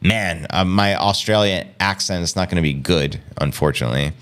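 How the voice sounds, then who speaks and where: A man's voice: low voice, fairly quick, a bit bright, clear, resonant tone. A man hosting a casual crypto livestream, joking in slang and answering his chat.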